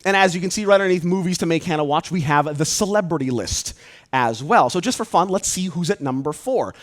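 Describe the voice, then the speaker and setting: A man performing a mentalist show live for an audience, calling out numbers with quick, lively patter. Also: a little high. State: out of breath. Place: cruise ship show venue.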